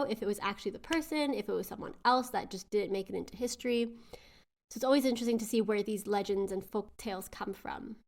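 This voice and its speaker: A woman's voice: medium pitch, gravelly. A woman co-hosting a folklore podcast in casual chat, chatty and laughing often, sometimes searching for words. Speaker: podcast co-host.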